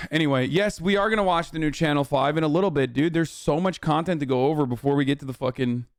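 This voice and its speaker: A male streamer rambling through live political commentary in a smooth, clear voice that sits a bit high for a man. The sound is dry and close. He swears a lot and hammers his points home. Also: quick pace, no room sound. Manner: profane, rambling, emphatic.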